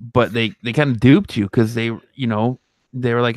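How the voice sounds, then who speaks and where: A man's voice: mid-range voice, normal speed, dry recording, clean studio sound. A man co-hosting a fan podcast, talking casually and rambling with many restarts and fillers. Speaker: podcast co-host.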